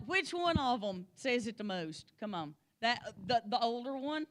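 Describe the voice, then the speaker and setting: A woman teaching a Bible lesson, telling the story with lively energy and calling on class members by name. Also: fairly high pitch, a little slow, hardly any pauses. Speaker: Sunday school teacher.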